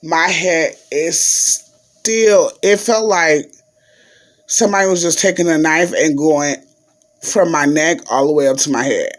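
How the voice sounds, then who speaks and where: A man's voice: fairly high pitch, a little slow. A man vlogging in a chatty, casual way, telling a story to his viewers and calling them y'all.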